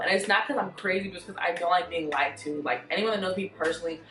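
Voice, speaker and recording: A woman vlogger telling a storytime in a blunt, profane, animated way. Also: lowish voice, quick pace, few pauses, echoey room, far from the mic, faint music behind, low-quality recording. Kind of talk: storytime vlog.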